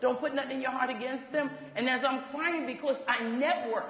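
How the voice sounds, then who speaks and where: Brisk woman ministry leader, animated testimony with laughs, heard in a big echoing hall. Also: sits high. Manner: animated, laughs while talking, acts out quoted voices. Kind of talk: testimony storytelling. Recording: echoey hall, dull lo-fi sound.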